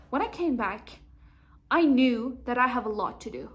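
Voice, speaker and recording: A young woman speaking to the camera from home, her voice sitting a little high for a woman. She tells a personal story and slips into a higher, livelier voice whenever she quotes someone. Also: moderate pace. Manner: acts out quoted dialogue in a raised voice. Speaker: vlogger.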